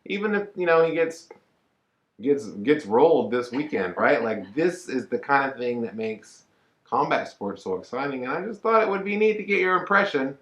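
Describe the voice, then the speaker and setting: A man co-hosting a casual reaction chat, joking and rambling in an animated way. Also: medium pitch, moderate pace, echoey room, lo-fi sound. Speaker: co-host.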